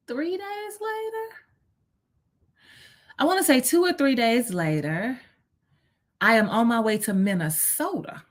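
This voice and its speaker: Woman host telling a story, kinda high voice that jumps all over, super animated. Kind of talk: personal storytelling.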